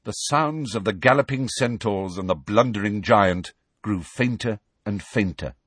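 A man's voice: on the low side, measured pace, fairly bright tone, slightly rough, no echo. A man narrating an audiobook with a dramatic, varied storytelling delivery.

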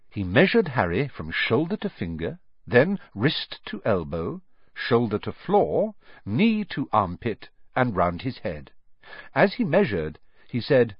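A man narrating a story aloud as an audiobook, with expressive, animated storytelling. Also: medium pitch, measured pace, breathy edge, no room sound, lo-fi sound.

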